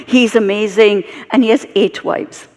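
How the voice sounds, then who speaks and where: A woman with a British accent, telling stories in an animated, expressive way as a guest speaker on stage. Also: mid-range voice, measured pace. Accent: British English. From Britain, of Indian heritage. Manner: animated, expressive storytelling with asides. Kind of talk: live onstage storytelling conversation. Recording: reverberant live hall.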